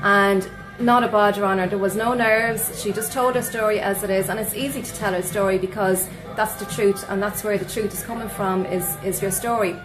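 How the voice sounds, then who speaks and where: Heard over music in a low-quality recording, an Irish sleep coach talks as a live radio guest, bubbly and full of laughter, with shout-outs to viewers. Her medium-pitched voice stays steady and brisk, with hardly any pauses.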